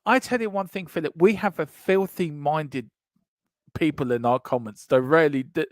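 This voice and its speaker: A man co-hosting a casual fan chat show, reading out comments in an animated, joking way and repeating himself for emphasis. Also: a little high, normal speed, dry recording, studio quality. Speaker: co-host of a fan channel show.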